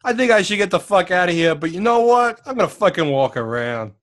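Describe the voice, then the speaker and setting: A man's voice: high voice, expressive, brisk, a bit bright, slight background noise. A man putting on a stereotypical Italian accent to comically dub a crude, brash middle-aged tough guy in a movie. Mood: brash, rowdy. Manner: profane, brash, laughing through lines.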